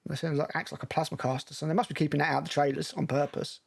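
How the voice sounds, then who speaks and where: Gravelly, blunt-talking male film critic. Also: on the high side, little pitch movement, rapid-fire. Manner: blunt, sarcastic, profane. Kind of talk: trailer reaction commentary.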